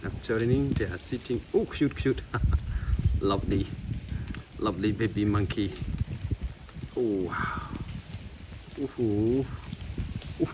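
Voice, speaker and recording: Man, slow excited gushing, mid pitch, heard from a distance outdoors, clear background noise. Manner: excited, repetitive exclamations of cute and wow. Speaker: wildlife vlogger filming monkeys. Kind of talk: casual live commentary while filming. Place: outdoors in nature at sunset.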